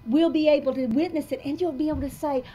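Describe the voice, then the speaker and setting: Older woman motivational speaker, higher-pitched, emphatic and confessional, faint room hum behind. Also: fairly even intonation, fast. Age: about 60. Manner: emphatic, confessional, swinging between soft and loud. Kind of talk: live motivational talk. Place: coffee shop audience talk.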